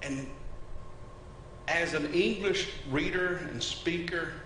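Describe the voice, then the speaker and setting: A man preaching a sermon, animated and conversational, asking his congregation questions as he teaches. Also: on the high side, slow pace, slight background noise. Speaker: pastor.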